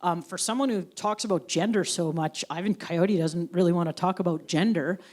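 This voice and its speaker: A woman's voice: on the low side, fairly quick, a little mellow. A woman who is the guest author at a live onstage talk, telling wry stories casually and laughing as she goes. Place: university event stage.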